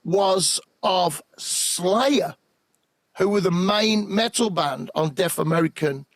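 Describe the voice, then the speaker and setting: A man, a guest musician, telling lively anecdotes in an animated way on a podcast. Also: high voice, slow, dry recording. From England. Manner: lively anecdotal, acts out quotes. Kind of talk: animated storytelling.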